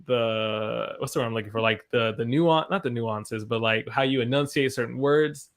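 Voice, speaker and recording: A man's voice: mid-range voice, moderate pace. Rambling American man hosting a live stream. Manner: rambling, searches for words. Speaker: host. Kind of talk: casual live-stream chat. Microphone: video call.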